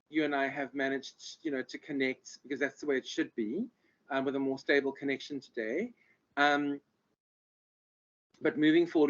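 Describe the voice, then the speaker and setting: A man's voice: medium pitch, a bit bright. A man giving an online lecture, rambling with many ums and restarts over a video call. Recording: muffled lo-fi audio.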